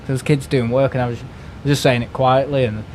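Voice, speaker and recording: A man talking off the cuff on a live stream, voice sitting at an ordinary middle pitch. He rambles, trips over and repeats his words, and swears as he vents. A faint air-conditioning hum runs underneath. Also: flat delivery, fairly quick, darkish tone. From United Kingdom. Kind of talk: casual ranting chat.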